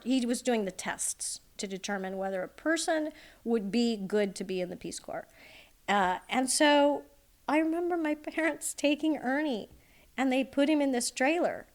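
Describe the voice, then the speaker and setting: A woman author being interviewed, telling childhood anecdotes in a lively, amused way. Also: fairly high pitch. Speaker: author guest. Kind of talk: interview storytelling.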